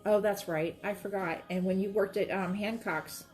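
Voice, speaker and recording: A woman's voice: medium pitch, fairly even intonation, normal speed, a little mellow, soft background music. A woman, chatting and rambling to viewers while she demonstrates quilting, talking straight to her audience. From Florida. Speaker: quilting livestream host.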